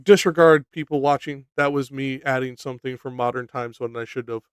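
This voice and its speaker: Man, casual discussion, blunt and swearing, smooth resonant tone, dry close sound. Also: medium pitch, brisk, dry recording. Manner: blunt and profane, laughs often. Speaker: co-host of a study stream.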